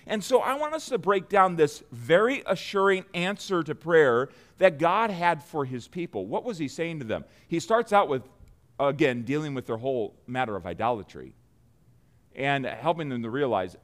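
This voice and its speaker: A man with a notably high voice delivers a sermon to a congregation. He speaks earnestly, slowing down to lean on each line of scripture and stumbling into restarts as he explains it. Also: animated. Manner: earnest, slows down to stress scripture, frequent restarts. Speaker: preacher.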